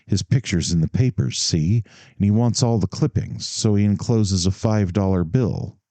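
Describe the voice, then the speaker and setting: A man doing a slangy, eager office boy, pitched up. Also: normal speed, dark tone, no room sound, close to an everyday voice. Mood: cautious. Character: shrewd cheery street-smart office boy.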